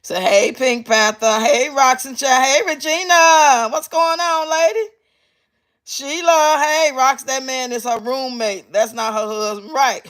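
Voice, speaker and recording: A woman hosting a livestream, giving blunt, profane commentary and reading her chat out loud. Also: high voice, slow. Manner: brash, profane, mocking. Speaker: livestream host reacting to clips.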